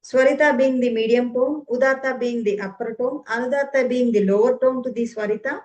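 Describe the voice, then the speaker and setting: A woman's voice: on the high side, brisk, darkish tone, poor audio. A woman giving an earnest explanatory talk, full of fillers and rhetorical questions. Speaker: speaker on ancient Indian arts.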